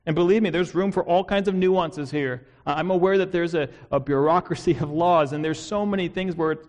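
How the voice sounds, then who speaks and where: A man with an American accent preaching an expository sermon as a pastor, earnest and measured, posing rhetorical questions. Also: a little high, a little mellow.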